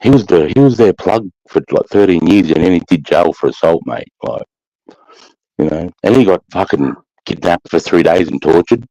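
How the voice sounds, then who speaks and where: A man's voice: deep voice, expressive, normal speed, mellow, dry recording. A man with an Australian accent in casual chat, telling rambling, profane stories packed with "mate" and "brother". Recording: slightly muffled, dull recording.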